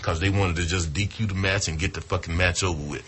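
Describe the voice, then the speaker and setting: Male storyteller, low register, foul-mouthed and animated, casual anecdote. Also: quick pace, slight background noise. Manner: profane, animated, acts out quotes. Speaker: retired wrestler telling a story.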